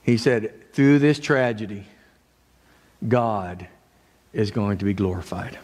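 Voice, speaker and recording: A man preaching a sermon as pastor, earnest, moving between raised and hushed delivery. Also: lowish voice, takes it slowly. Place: church sanctuary. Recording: long church reverb.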